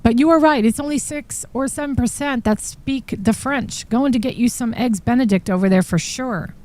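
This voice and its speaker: A woman's voice: fairly high pitch, normal speed, darkish tone. A woman hosting a true crime live stream, reading text messages aloud and reacting with shocked asides. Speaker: true crime podcast host. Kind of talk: live-stream commentary reading trial exhibits.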